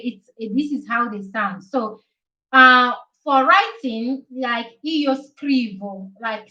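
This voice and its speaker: A woman teaching on a live stream who talks in a slow, halting way, with many fillers as she writes, and who repeats verb forms and encourages her viewers. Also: a little high, sharp tone. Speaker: Italian language tutor on a live stream. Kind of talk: live-stream language lesson. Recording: echoey, slightly dull live-stream audio.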